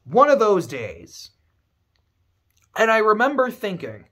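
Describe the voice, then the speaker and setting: A man's voice: high-pitched, wildly swooping pitch, takes it slowly, pauses often, fairly bright tone. A man giving casual game commentary to camera, emphatic and ranting, swearing freely. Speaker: video creator.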